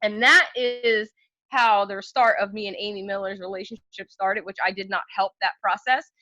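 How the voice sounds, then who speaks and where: A young woman chats as a podcast guest, her voice bright and forward, recorded dry and close. She spins candid, animated stories full of fillers. The audio sounds dull and lo-fi. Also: mid-range voice, moderate pace, no room sound. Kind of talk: casual storytelling chat.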